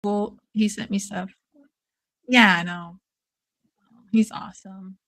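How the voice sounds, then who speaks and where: A woman hosting a casual watch-along stream, excitable and swearing freely, calling everyone "dude" while taking shots. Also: medium pitch, takes it slowly. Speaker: livestream host.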